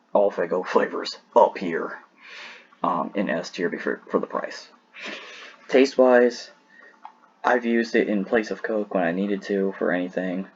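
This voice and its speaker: A man's voice: deep voice, slightly rough, dull audio. A man rambling casually as he ranks sodas in a tier list, sleepy and yawning, often restarting his sentences. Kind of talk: casual solo commentary.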